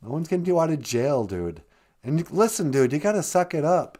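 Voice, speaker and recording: A man hosting a comedic podcast, talking in a dry, deadpan way and explaining words of the day. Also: a little high, moderate pace. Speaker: podcast host and language teacher.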